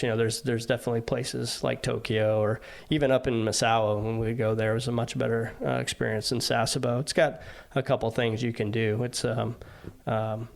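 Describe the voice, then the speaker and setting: Man guest recounting navy deployments, mid-pitched, loose and rambling. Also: steady tone, a little fast, vocal fry. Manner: rambling, many fillers and restarts. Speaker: guest, former navy aviation sailor. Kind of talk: casual interview storytelling.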